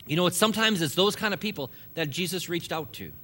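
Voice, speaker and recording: A man's voice: sits high, lively intonation, quick pace, fairly bright tone. A man preaching a sermon, emphatic and repetitive, stressing points by piling up phrases. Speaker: pastor.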